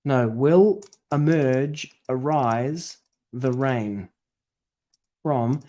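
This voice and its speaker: A man's voice: medium pitch, very slow, mellow. A man working through a translation aloud, tentative and self-correcting as he muses over each word. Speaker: scripture study presenter.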